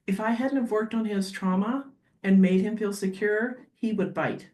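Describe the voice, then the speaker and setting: A woman guest on a podcast talking as a dog behaviorist, animated and quick to act out little scenes. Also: mid-range voice. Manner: animated, acts out dogs and owners in quick asides. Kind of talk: podcast interview conversation. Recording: roomy echo.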